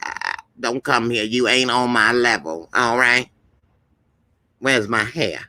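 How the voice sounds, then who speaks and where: A man's voice: mid-range voice, slow pace, bright, forceful tone, no room sound, rough recording. A man doing a brash old-school comic boaster. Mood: boasting. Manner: brash, streetwise slang, "all right?" refrains. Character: boastful veteran male comedian, calls everyone pimpin'.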